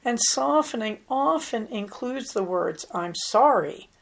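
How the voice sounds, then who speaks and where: A woman hosting an advice talk as a psychologist, explaining calmly and acting out example lines. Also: a little high, takes it slowly, gravelly. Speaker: psychologist host.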